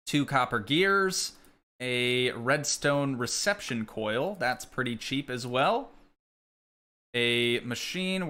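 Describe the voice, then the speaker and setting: Bright-voiced American man chatting over gameplay. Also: medium pitch. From United States. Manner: rambling, thinking aloud, talking to chat. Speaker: gaming streamer. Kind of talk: casual live gameplay chat.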